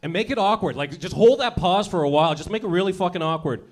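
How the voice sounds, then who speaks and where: A man's voice: high-pitched, quick pace. A man doing a crude, brash stand-up comedy routine, acting out little scenes as he goes. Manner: crude, brash, acts out characters.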